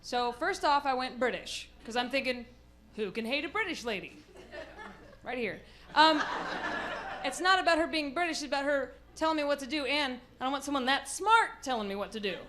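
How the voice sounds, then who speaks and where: A woman's voice: high-pitched, lively intonation, fairly quick, fairly bright tone, slight background noise. An American woman doing a stand-up comedy set, telling stories and acting out bits in mocking voices. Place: comedy club stage. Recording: live club recording, audience laughter.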